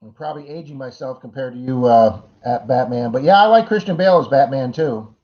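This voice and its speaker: A man's voice: mid-range voice, brisk. A middle-aged man hosting a casual livestream chat, greeting viewers by name and rambling through jokey asides. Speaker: livestream host. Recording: dull lo-fi stream audio.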